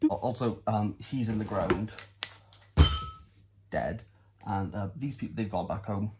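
A man's voice: on the low side, expressive, unhurried, noisy background. A man giving a comic, rambling book recap as a vlogger. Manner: rambling, playful, silly asides.

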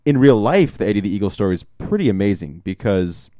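Young male podcast host, low voice, dry close sound, rambling and profane. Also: very animated, fast talker, warm tone, no room sound. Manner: rambling, swears often, many fillers and restarts. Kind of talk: casual movie review chat.

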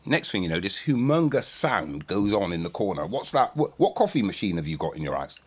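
Animated storytelling man on a podcast. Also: fairly quick, few pauses, slightly rough. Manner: animated storyteller, acts out quotes in high voices. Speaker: guest host interviewing. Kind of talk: casual podcast chat.

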